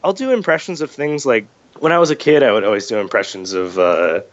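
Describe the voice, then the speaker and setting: A man's voice: medium pitch, fairly quick, lo-fi sound. A man being interviewed as a voice actor guest, chatting casually with lots of fillers and restarts, a little under the weather with a cold. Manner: chatty, self-deprecating, many fillers and restarts.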